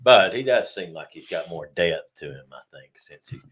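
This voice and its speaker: A low-voiced man co-hosts a casual sports show. His pitch swings widely as he talks in an easygoing, animated way. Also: normal speed, breathy edge. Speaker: co-host.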